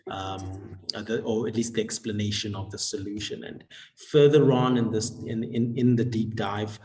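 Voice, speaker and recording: A man moderating an online webinar, talking in a halting way with many fillers and restarts. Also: fairly low pitch, steady tone, a little mellow. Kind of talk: hesitant online webinar chat.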